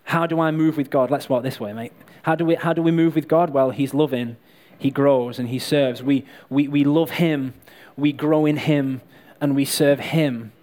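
A man's voice: mid-range voice, fairly even intonation, moderate pace, hardly any pauses, darkish tone. A man preaching a sermon in a chatty, joking way, talking straight to the people in front of him and calling them up to help. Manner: chatty, joking, addresses the crowd directly. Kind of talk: sermon with live props and volunteers.

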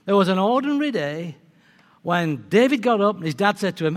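A man preaching a sermon, telling a story in a lively way and acting out its characters. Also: high voice, a little fast. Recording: long reverb of a large hall.

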